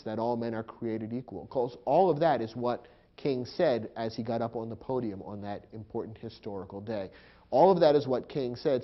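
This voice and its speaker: A man delivers a recorded grammar lecture, explaining punctuation rules step by step and spelling out the marks aloud. His voice is mid-range, and the recording sounds muffled.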